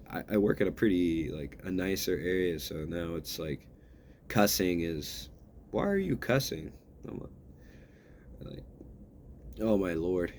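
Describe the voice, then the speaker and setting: Deep-voiced man ranting in a vlog. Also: a little hiss or hum. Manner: profane, rambling, ranting. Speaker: vlogger. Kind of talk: casual monologue vlog.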